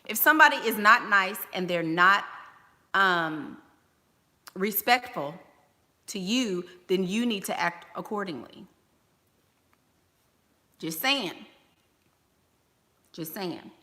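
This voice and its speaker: A woman's voice: medium pitch, expressive, measured pace, sharp tone, big-room sound. A woman giving advice in a casual monologue to camera, emphatic and sassy, repeating her key lines for effect. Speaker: vlogger giving life advice.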